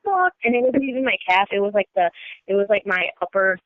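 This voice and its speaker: A woman's voice: medium pitch, very animated, fast talker, dry recording. A woman guesting on a podcast in casual chat, rambling through stories and acting out quotes. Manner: rambling storyteller, acts out quotes. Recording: dry, tinny phone-like sound.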